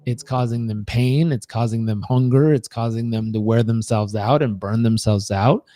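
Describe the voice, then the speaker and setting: A man's voice: mid-range voice, steady tone, normal speed, warm tone. A man coaching in a live training session, telling stories in an earnest, repetitive way. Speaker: performance coach.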